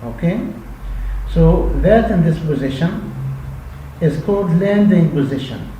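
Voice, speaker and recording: A man giving a linguistics lecture, explaining slowly with many repetitions and frequent checks for understanding. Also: a little high, animated, lo-fi sound. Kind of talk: recorded lecture. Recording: echoey room with faint hum.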